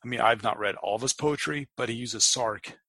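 A man's voice: medium pitch, fairly quick, pushed and bright, no room sound. A middle-aged American man co-hosting a podcast, chatting casually and often repeating words as he starts a sentence. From United States. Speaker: podcast co-host. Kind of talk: casual chat.

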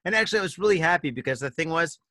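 A man's voice: fairly high pitch, lively intonation, very fast, pushed and bright, dry recording. A man co-hosting a casual drinking podcast, laid-back and profane, saying "dude" and "like" a lot. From United States. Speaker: podcast co-host.

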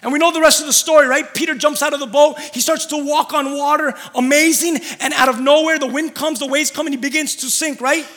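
A man preaching a sermon in a church, telling stories with animated energy, often restarting phrases and dropping to a quiet, low voice. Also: quick pace, hardly any pauses, long reverb tail.

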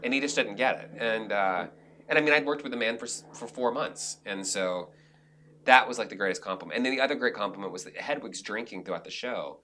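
A man, a director and actor, talking casually in an interview and telling animated stories from the theater with many restarts. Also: on the low side, brisk, slight background noise. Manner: animated, acts out quotes, frequent restarts.

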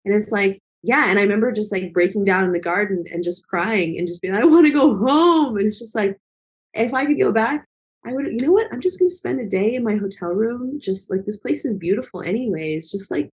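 A woman's voice: mid-range voice, a little fast. A woman talking as a guest in a casual conversation, earnest and reflective, with lots of fillers. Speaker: guest, travel vlogger.

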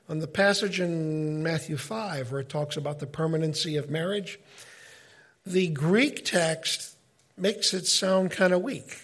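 A middle-aged man giving an informal Bible teaching, talking in a conversational, animated way and often breaking off mid-sentence. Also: a little high, breathy edge. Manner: conversational, animated, self-interrupting.

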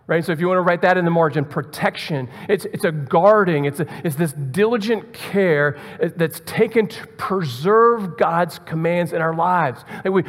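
A man's voice: fairly high pitch, in a large hall. A man preaching a sermon in a conversational way, repeating words and asking the listeners rhetorical questions. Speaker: pastor.

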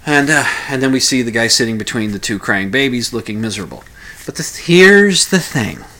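A man's voice: mid-range voice, expressive, brisk, bright, forceful tone. A man talking casually at home, telling a story in a rambling, hesitant way with many restarts. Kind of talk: casual spoken commentary.

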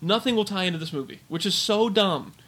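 A man with a bright, fairly high voice co-hosts a casual podcast chat. He rants with energy and fills his talk with "like" and "uh". His tone stays loose and conversational. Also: brisk. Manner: ranting, animated, filler-heavy. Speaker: podcast co-host.

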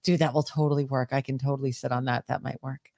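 A woman co-hosting a podcast who tells stories in a loose, animated way and swears freely. She raises her voice when she acts out the scene. The recording is dry and close. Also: rumbling low, rapid-fire, dry recording. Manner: animated storytelling, heavy swearing, shouts when acting out scenes. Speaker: podcast co-host. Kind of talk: casual chat.

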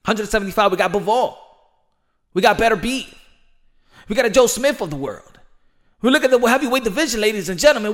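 A man's voice: sits high, animated, fairly quick, long pauses. A man hosting his own podcast, talking in a passionate, rambling way with casual slang and many repeats. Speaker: podcast host. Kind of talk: solo podcast commentary.

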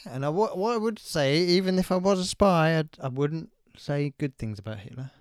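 A man's voice: a little high, expressive, brisk, smooth, no room sound, studio quality. A man co-hosting a podcast, joking bluntly and breaking into sweary outbursts. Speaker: podcast co-host. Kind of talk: casual banter.

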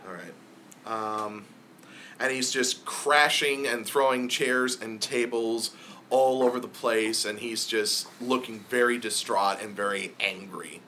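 Unhurried man running a tabletop game, clear bright voice. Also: fairly low pitch, fairly even intonation, slight background noise. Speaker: game master.

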